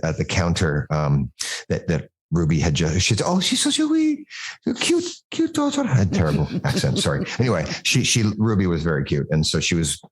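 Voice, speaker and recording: Deep voiced american guy, guest on a chat show, rambling halting stories. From United States. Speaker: guest singer. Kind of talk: casual chat.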